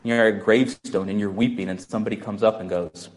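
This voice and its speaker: A man's voice: on the low side, steady tone, quick pace. A pastor preaching a sermon in a musing, conversational way, often restarting his sentences.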